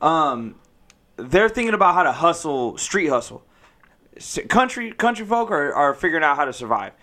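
A man with a high, lively voice whose pitch swings widely. He chats casually, agreeing and chiming in often. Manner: agreeable, chiming in with quick affirmations. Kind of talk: casual chat.

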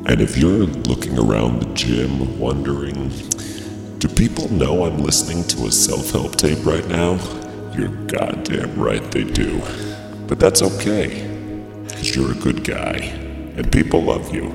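A man voicing a crude male self-help tape narrator in a very deep, gravelly voice. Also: lively intonation, a little slow, heavily acted. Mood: mock soothing. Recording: echoey hall with music underneath.

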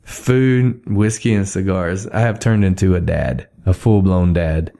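This laid-back podcast host from Texas rambles through casual chat and laughs frequently, recorded on a studio mic. His voice sits low and sounds creaky yet mellow, with an unhurried delivery.

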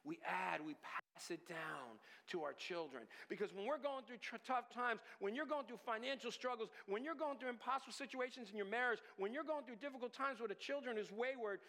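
A man's voice: extremely high pitch, animated, fairly quick, hardly any pauses, pushed and bright. Man, pastor, sermon, plays out little family scenes, reverberant church hall. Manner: acts out whiny children and parents in little scenes.

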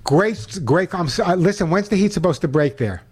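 A man's voice: high-pitched, animated, a little mellow, husky. Older man hosting call-in pet radio. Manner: chatty, repeats phone numbers slowly and plainly. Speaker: radio pet show host. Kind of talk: call-in radio talk and on-air product pitch.

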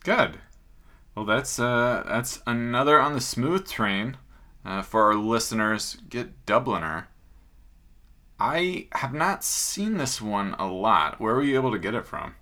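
A man's voice: mid-range voice, animated, measured pace, bright, forceful tone. A man co-hosting a casual podcast, upbeat and jokey, asking his partner questions. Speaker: podcast co-host. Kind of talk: casual chat.

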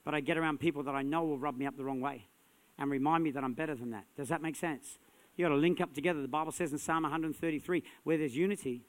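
Male pastor, sermon delivery, slightly high pitch, energetic and emphatic. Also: quick pace. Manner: energetic, punchy, rising to shouts.

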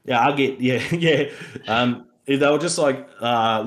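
A man's voice: mid-range voice, lively intonation, normal speed. A man with an Australian accent co-hosting a podcast, rambling through a casual film review, laughing and acting out lines from the film. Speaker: podcast co-host.

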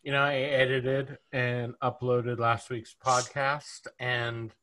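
Bright-voiced easygoing podcast co-host. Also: male voice, medium pitch, level tone, slow, slight background noise. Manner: easygoing, joking. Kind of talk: casual podcast chat.

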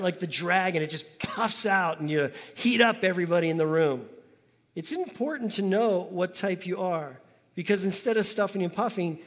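A man's voice: sits high, a bit bright. A man preaching a conversational sermon in a church, asking the congregation to repeat words after him. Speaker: pastor. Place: church sanctuary. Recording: long hall reverb.

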